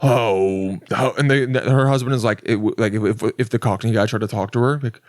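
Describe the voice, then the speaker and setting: A young man rambles through a story as a podcast host, swearing freely and mocking himself, often restarting his sentences. His voice sits at an ordinary male pitch. It is recorded dry and close, with no room sound. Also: steady tone, quick pace, dry recording. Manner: rambling, profane, self-mocking, with many restarts. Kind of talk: casual storytelling monologue.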